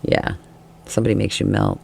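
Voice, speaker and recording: A man's voice: on the low side, monotone, brisk, vocal fry, slight background noise. A man giving a casual tarot reading, chatty and laughing often, acting out the feelings he describes. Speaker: tarot reader.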